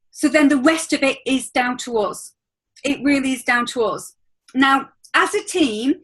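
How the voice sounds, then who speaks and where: A woman's voice: high voice, a bit bright, rough recording. A woman hosting a team training on a video call, chatty and gushing, rambling with fillers. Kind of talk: casual chat on a video call.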